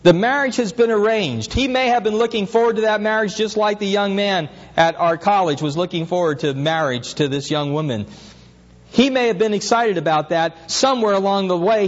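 A man's voice: high voice, in a large hall, muffled recording. A pastor preaching an earnest sermon, his voice rising as he asks questions.

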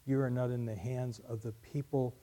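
A man pastor preaching a sermon, reading aloud with loud emphatic peaks and quiet soft endings. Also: mid-range voice, fairly even intonation, moderate pace. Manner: drops to quiet, soft closing lines.

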